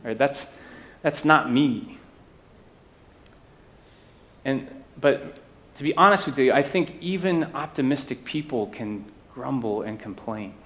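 A man's voice: mid-range voice, lively intonation, takes it slowly, a bit bright. A man preaching a sermon to his church, talking conversationally and often checking in with the listeners. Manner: conversational preaching with asides and tag questions. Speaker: pastor.

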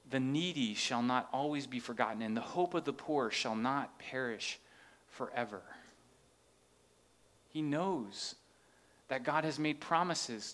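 A man's voice: medium pitch, fairly bright tone. A man preaching a sermon, earnest and rising into impassioned questions as he reads scripture. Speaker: pastor.

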